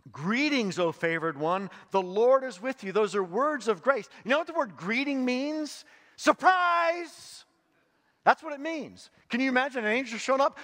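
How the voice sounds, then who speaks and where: A male pastor delivers a slow, measured sermon in a church sanctuary. He reads scripture and teaches, swinging from loud emphatic bursts to hushed, quiet drops. His voice rings with a long hall reverb. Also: on the high side.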